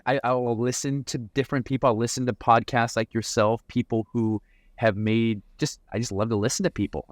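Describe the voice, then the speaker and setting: A man's voice: on the low side, no echo, studio quality. A man answering interview questions as a mental performance coach, reflective and often repeating words as he starts a thought.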